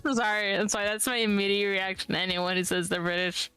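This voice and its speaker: A woman joining a live stream who drops in quick teasing jokes at the host's expense. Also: medium pitch, fairly even intonation, pushed and bright, clear, resonant tone, no room sound, soft background music. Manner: teasing, quick joking interjections.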